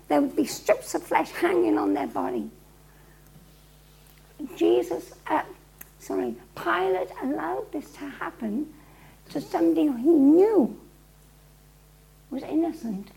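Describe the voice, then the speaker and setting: A woman preacher with a gravelly voice, dramatically retelling a story to a live audience. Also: high voice, rough recording.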